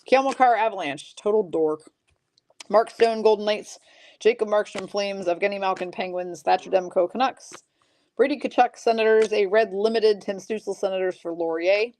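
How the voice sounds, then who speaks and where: A woman's voice: medium pitch, darkish tone. A woman hosting a live card break stream, chatty and self-mocking. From Michigan. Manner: chatty, self-mocking, rattling off names quickly.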